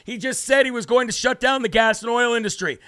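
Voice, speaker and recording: A man with a high, bright voice and a gravelly edge tears through a political commentary as host, mocking and indignant. His sound is close and dry, with no room around it. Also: fast talker, dry recording. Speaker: political talk show host. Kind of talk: heated political commentary monologue.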